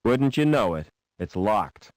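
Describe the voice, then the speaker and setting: A man's voice: on the low side, sing-song, slow pace, no echo. A man voicing a polite adult male hero in a video game. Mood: matter-of-fact. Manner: polite, matter-of-fact.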